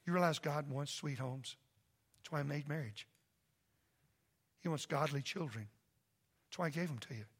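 Gravelly preacher, shouting then soft. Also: male voice, a little high, moderate pace, long pauses. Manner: preaches loud and impassioned, then drops to a soft earnest plea. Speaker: pastor. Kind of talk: sermon. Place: church sanctuary.

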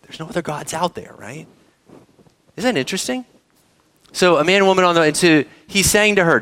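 A man's voice: on the high side, brisk, long pauses. A man preaching a sermon, reading verses and asking the congregation questions, speaking to kids too. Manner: animated preaching, asks the audience questions, addresses kids. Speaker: pastor.

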